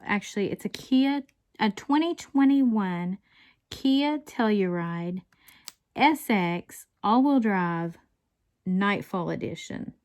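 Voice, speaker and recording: A woman's voice: medium pitch, lively intonation, takes it slowly, darkish tone. A woman casually rambling through a story as she works on a craft at home, breaking into chuckles now and then. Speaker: diamond painting vlogger. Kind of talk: casual chat while crafting.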